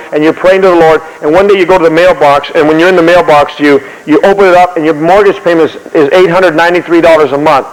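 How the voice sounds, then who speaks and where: A man preaching in a sermon-style history talk, animated, often repeating and restarting words, with a long hall reverb. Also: on the high side.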